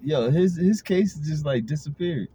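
A man's voice: fairly high pitch, lively intonation, unhurried, mellow, lo-fi sound, slight background noise. A young man co-hosting a casual podcast chat, loose and slangy, laughing often. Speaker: podcast co-host.

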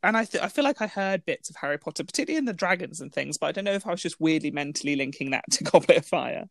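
A woman co-hosting a casual film review chat, giggly and full of quick asides. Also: low-pitched, expressive, creaky, no echo, studio quality. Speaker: podcast co-host.

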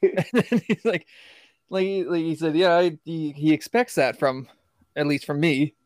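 A man co-hosting a podcast in crude casual banter, loud, laughing and swearing often. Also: fairly high pitch, fairly even intonation, unhurried, no echo, studio quality. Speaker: podcast co-host.

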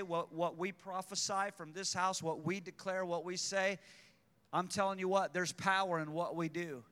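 A man's voice: on the high side, fairly bright tone, smooth. A man preaching a fervent sermon to his church, repeating lines for emphasis and calling out people by name. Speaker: pastor. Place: church sanctuary. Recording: long hall reverb.

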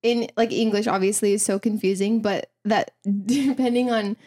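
A woman's voice: mid-range voice, fairly even intonation, moderate pace, darkish tone. A young woman co-hosting a podcast in casual chat, rambling with lots of fillers as she explains. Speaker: podcast co-host.

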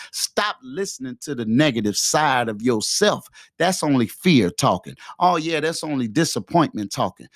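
Male podcast host, fervent and preachy, close mic in a dry, quiet room. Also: mid-range voice, dry recording. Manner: fervent, preachy, repetitive exhortations. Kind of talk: motivational preaching monologue. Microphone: close podcast microphone.

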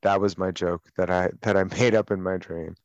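A man with a low-pitched voice tells stories in a crude, profane, sardonic way during casual on-air banter. His voice sounds dull and dry, like a close studio mic with little treble. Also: steady tone, moderate pace, darkish tone, no echo. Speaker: radio co-host.

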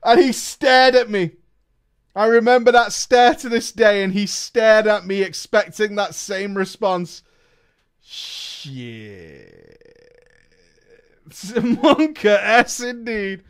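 A man with a voice higher than most men's reads a story aloud for his stream. He takes it slowly and breaks off to swear, laugh and joke with his viewers. His reactions run loud and animated. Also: smooth. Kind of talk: reading a story aloud with live commentary.

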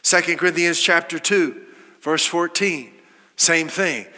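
A man's voice: on the high side, measured pace, sharp tone, big-room sound. A man preaching a sermon, quoting scripture and asking his listeners rhetorical questions with emphasis.

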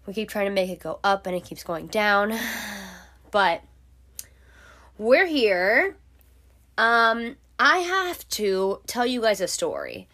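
A woman's voice: mid-range voice, lively intonation, slow pace, pauses often, fairly bright tone. A young woman hosting a podcast, telling a story in a casual, chatty way and swearing freely. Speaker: podcast host.

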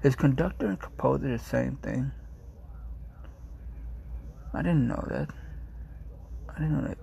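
A man's voice: mid-range voice, a little slow, vocal fry, warm tone, highs cut off, a little hiss or hum. A man chatting casually to his viewers, rambling and easily distracted, full of slang and amused asides. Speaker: streamer reading reviews to viewers. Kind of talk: casual chat.

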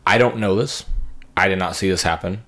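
A podcast host in his twenties, with a low and slightly bright voice, talks a little fast. In crude, casual chat he tells profane, rambling stories and acts out what other people said.

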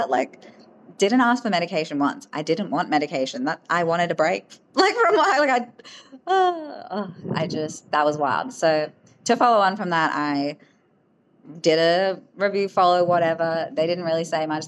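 A woman hosting a podcast, telling personal stories in an emotional, animated way, full of fillers. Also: on the low side, a little hiss or hum, low-quality recording. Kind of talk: casual storytelling.

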